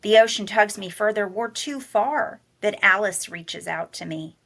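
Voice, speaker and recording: A woman reading a novel aloud in a measured, soft-spoken way, slowing down on the somber passages. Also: mid-range voice, expressive. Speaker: college director and humanities teacher reading aloud.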